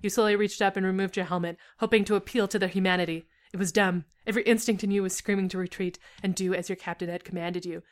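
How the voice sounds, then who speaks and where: A woman's voice: medium pitch, fairly even intonation, fast talker, hardly any pauses. A young woman co-hosting a show, reading aloud her own fan fiction with a storytelling lilt and giggly asides.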